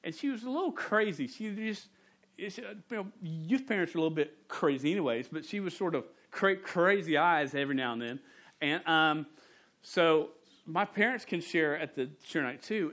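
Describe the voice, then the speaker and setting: A man, a pastor preaching a sermon in a church and telling stories in a relaxed, humorous way. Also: a little high. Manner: conversational, humorous storytelling. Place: church sanctuary.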